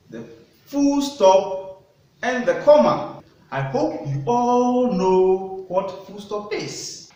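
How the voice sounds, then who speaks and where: A man teaching a primary school lesson, speaking slowly and deliberately and putting questions to young pupils in a classroom. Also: high-pitched. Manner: slow, deliberate teacher talk with questions to children. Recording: echoey room, voice from a distance.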